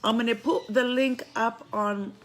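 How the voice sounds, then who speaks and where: Unhurried and on the high side, her intonation stays fairly even. She's a woman of Greek heritage in Australia, an online spiritual commentator using her phone to livestream a blunt, preachy monologue from home. She swears freely and calls the viewers her friends.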